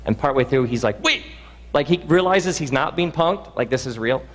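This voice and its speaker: A man giving a reflective storytelling talk, earnest and halting, restarting his sentences often. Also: medium pitch, expressive, in a large hall, low-quality recording. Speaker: speaker.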